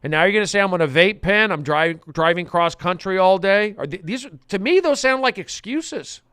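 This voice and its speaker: A man hosting a comedic podcast in a studio, intense and repetitive, swinging from muttering to loud outbursts. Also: sits high, fairly quick, clean tone, no room sound. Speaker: podcast host.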